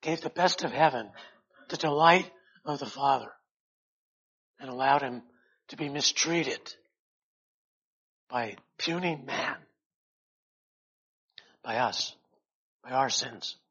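A man preaching a sermon in a slow, earnest way, rising loud and then dropping to a hush. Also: medium pitch, husky, highs cut off.

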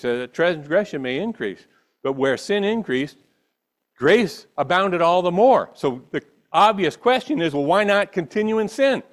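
A man preaching a sermon, reading scripture and then pressing his listeners with rhetorical questions and emphatic repetition. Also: fairly high pitch. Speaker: pastor.

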